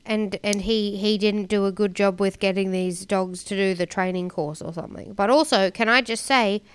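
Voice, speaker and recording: A woman's voice: medium pitch, fairly even intonation, moderate pace, slight background noise. A woman co-hosting a podcast, chatting casually and rambling through a TV show recap. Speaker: podcast co-host.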